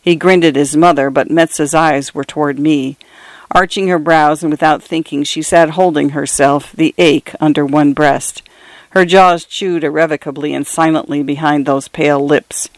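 A man narrating literary fiction in a measured first-person reading. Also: fairly high pitch, fairly even intonation, no room sound. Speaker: audiobook narrator.

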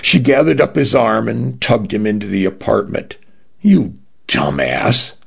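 A man with a gravelly, mid-range voice and a breathy edge reads science fiction stories at a moderate pace. He is a radio story reader giving scripted narration, captured in a dull, lo-fi radio broadcast.

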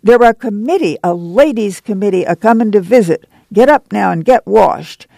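Man voicing a bossy mother, gravelly. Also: sits high, normal speed, dark tone, no room sound, full character voice. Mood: urgent. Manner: plain-spoken, urgent, dialect speech. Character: weary rural mother, bossy, proud, hardworking. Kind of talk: audiobook character voice.

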